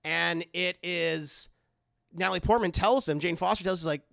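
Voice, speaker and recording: A young adult man reviewing a film for a live stream chat, animated and rambling, swearing often. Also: high voice, normal speed, vocal fry, no room sound, clean studio sound.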